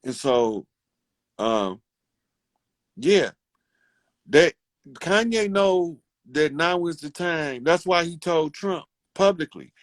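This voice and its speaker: A man's voice: on the high side, lively intonation, slow pace, long pauses, no room sound. Fervent, profane man preaching to listeners. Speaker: online speaker addressing his community. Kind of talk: casual preachy monologue.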